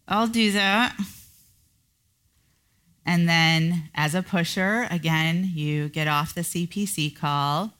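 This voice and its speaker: A middle-aged woman hosts a solo coaching podcast, talking slowly and deliberately. Her voice sits fairly low. She brings her points to life by playfully acting out inner voices. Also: clean tone. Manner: animated, acts out inner voices in a high pitch. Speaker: podcast host and business coach.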